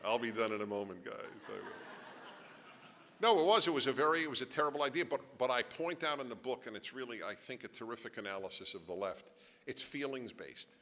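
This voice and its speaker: Animated man lecturing in a reverberant hall. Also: medium pitch, brisk. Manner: animated, joking asides, rhetorical questions. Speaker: author giving a talk. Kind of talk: lecture to a live audience. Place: large event hall.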